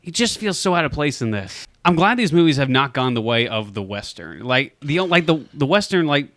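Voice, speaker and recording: A man's voice: a little high, very animated, fairly quick, a bit bright, no echo. A young man co-hosting a podcast, chatting casually and enthusiastically about films, with many "like"s. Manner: enthusiastic, fills speech with "like". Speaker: podcast co-host. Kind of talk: casual movie chat.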